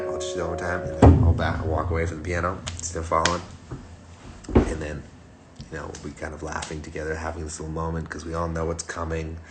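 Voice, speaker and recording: A man, a singer-songwriter hosting a livestream, chatting casually between songs in a rambling way and laughing often. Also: very deep voice. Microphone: phone livestream. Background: piano playing.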